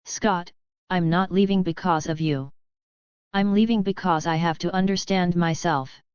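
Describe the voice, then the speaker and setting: A resolute young heroine saying goodbye softly, voiced by a woman. Her voice is low and smooth. The recording is dry and dull. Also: measured pace, no room sound, close to an everyday voice. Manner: soft, trembling.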